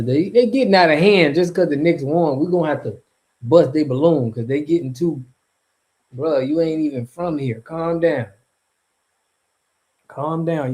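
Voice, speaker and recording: A man hosts his channel's casual livestream, answering his chat in a loose, slangy, rambling way and laughing often. His mid-range voice sounds warm, though the recording is rough.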